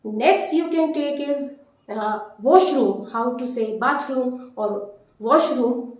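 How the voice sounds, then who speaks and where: A woman teaching a vocabulary lesson, repeating each word slowly and deliberately. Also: a little high, darkish tone. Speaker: French teacher. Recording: very echoey room.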